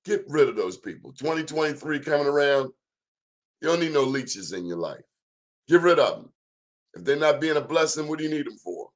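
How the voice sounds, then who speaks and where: A man's voice: a little high, expressive, fairly quick. A man hosting a talk show, giving a blunt, sermon-like monologue in plain, emphatic speech. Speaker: show host.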